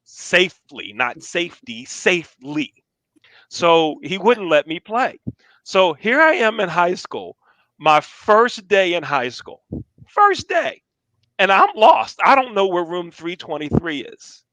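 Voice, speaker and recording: A man telling personal stories in casual talk, animated and repeating phrases for emphasis. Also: sits high, takes it slowly, dry recording. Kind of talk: casual storytelling.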